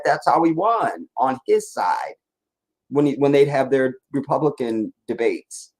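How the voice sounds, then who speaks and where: A man's voice: medium pitch, normal speed, darkish tone, rough recording. A man giving casual live-stream political commentary in a blunt, rambling, profane rant.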